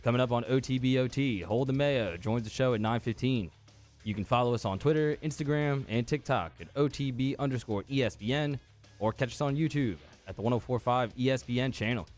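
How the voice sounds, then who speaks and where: A man reading a scripted radio show intro in a crisp, upbeat announcer manner. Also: medium pitch, a little fast, darkish tone. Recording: music bed behind voice.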